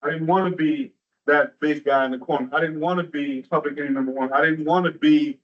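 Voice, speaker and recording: A man's voice: on the high side, fairly even intonation, fairly quick. A man from Atlanta giving a motivational, storytelling keynote at a training event, with a rhythmic delivery and rhetorical asides. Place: large room at a training event. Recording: muffled, distant from the mic.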